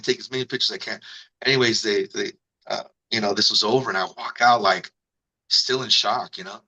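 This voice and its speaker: Man, radio personality guest, animated storyteller, bright forceful voice, casual fillers. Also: vocal fry, rough recording. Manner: animated, acts out quotes in higher voice; fillers like "you know", "man". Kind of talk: storytelling interview.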